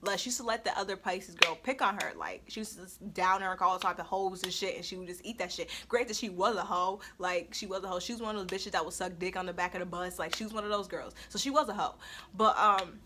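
A woman's voice: medium pitch, steady tone, quick pace, bright, forceful tone, a little hiss or hum. A young woman telling a story on her vlog in a blunt, profane way, with frequent laughs. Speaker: storytime vlogger. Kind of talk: casual storytelling.

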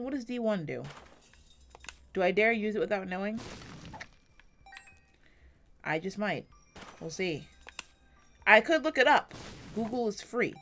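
A woman giving casual, rambling commentary while playing a video game, self-deprecating and swearing often, swinging between quiet and loud, on a close desk mic. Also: medium pitch. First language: English. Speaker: gaming YouTuber.

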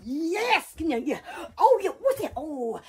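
A woman's voice: high-pitched, very animated, slow, a little mellow. A woman vlogging in a rambling, casual way, giggling and exclaiming often. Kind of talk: rambling casual vlog chat.

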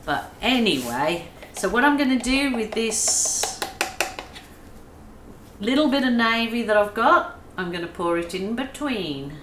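Very animated and on the high side, an Australian woman talks a little slowly through a casual painting tutorial about acrylic pouring, her craft. She's soothing and self-deprecating as a coach. The echoey room carries faint ambience and background noise.

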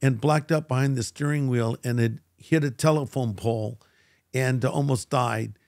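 A man's voice: medium pitch, moderate pace, dry recording. Older man telling a story, dry close sound. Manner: animated storyteller who acts out quoted voices. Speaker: guest pastor. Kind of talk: storytelling interview.

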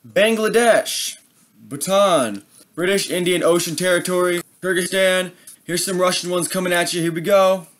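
Bright-voiced young man rambling casually. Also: high voice, normal speed. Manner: loose, rambling, self-mocking. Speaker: video host. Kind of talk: casual countdown chat.

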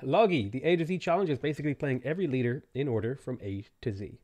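A man streaming a game, casually greeting viewers by name and giving quick offhand answers to their questions. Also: mid-range voice, a little mellow. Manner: greets chat viewers by name between game setup remarks. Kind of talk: casual live-stream chat.

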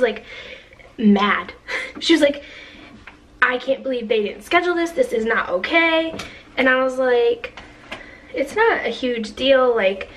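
A chatty young woman tells a long story in a casual vlog, with lots of fillers as she quotes other people. Her voice sits fairly high. She talks from a step back from the mic, over a faint hum in the room. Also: a bit bright, recorded from a distance, rough recording. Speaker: vlogger.

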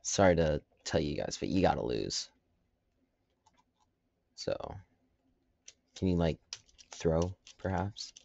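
Low, gravelly laid-back gamer guy. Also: animated, takes it slowly, long pauses, darkish tone, dry recording. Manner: laid-back, self-deprecating, joking asides. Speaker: gamer streaming his own match. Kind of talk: casual gameplay commentary. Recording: dull lo-fi dry sound.

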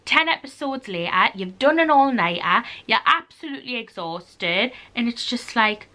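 A young woman in her twenties with a Geordie accent, chatting casually to camera in an animated vlog, swearing freely and acting out little quoted exchanges. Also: a little high, moderate pace. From North East England. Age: 20s. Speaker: YouTuber. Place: indoors at home. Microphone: camera mic.

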